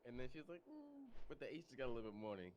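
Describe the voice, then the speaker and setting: A man's voice: mid-range voice, animated, very fast. A man chatting crudely and ramblingly on a stream. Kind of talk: casual chat on stream. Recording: loud background noise.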